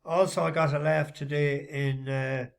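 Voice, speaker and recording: A man chatting casually in a vlog as a horse racing tipster, rambling with lots of halting fillers. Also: fairly high pitch, flat delivery, gravelly.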